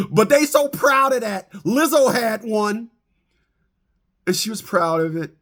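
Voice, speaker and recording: A man with a high voice delivers a comic rant straight to his viewers. His pitch leaps up and down as he stammers, repeats himself and laughs at his own jokes. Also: fairly bright tone. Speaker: vlogger.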